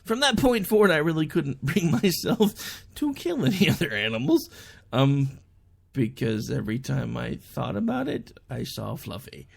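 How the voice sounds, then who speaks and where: A man's voice: fairly high pitch, huge pitch swings, moderate pace, vocal fry, slightly rough. A young adult man hosting an online talk show, chatting through a casual monologue and telling stories in which he quotes people in raised voices.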